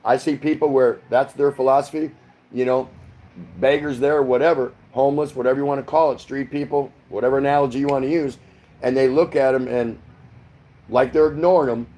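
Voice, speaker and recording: Broadcasting a casual livestream from his home in the Philippines, a middle-aged man from the US works through viewer comments, reading each aloud and replying in a rambling way. His mid-pitched voice is mellow and steady in tone, and his pace is brisk.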